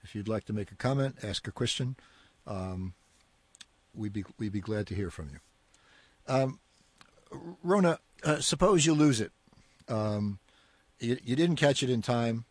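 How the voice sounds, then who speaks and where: A man's voice: medium pitch, a little slow, long pauses, breathy edge, no room sound. Man, call-in show host, hesitant, fillers, dry sound. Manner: hesitant, many fillers and repeats. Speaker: radio call-in show host, physics professor. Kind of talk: radio call-in talk.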